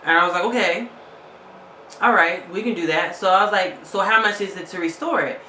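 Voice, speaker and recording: A woman's voice: fairly low pitch, brisk, bright, forceful tone, roomy sound, a little hiss or hum. A woman vlogger telling a story casually, angry and fed up, retelling a phone call with lots of quoted back-and-forth.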